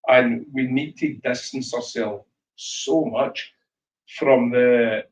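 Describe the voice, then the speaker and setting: A Scottish man telling lively whisky stories as a guest speaker at a tasting, acting out voices as he goes. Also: mid-range voice, measured pace, roomy sound, recorded from a distance, a little hiss or hum, low-quality recording. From Scotland. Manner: animated storyteller, acts out voices in anecdotes. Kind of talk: live storytelling chat at a tasting. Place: shop tasting room.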